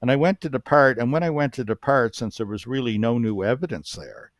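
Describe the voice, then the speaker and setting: A man from Canada, a former police officer and paranormal researcher, telling a story as a podcast guest, with frequent restarts and lively retelling of what others said. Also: mid-range voice, fairly quick, dry recording, studio quality. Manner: animated storyteller who acts out quoted speech, with frequent restarts.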